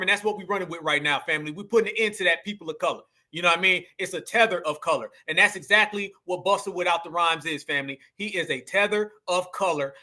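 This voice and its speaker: A man's voice: sits high, bright, forceful tone. A man hosting a commentary channel, heated and mocking, who keeps calling his listeners "family". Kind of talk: opinionated commentary.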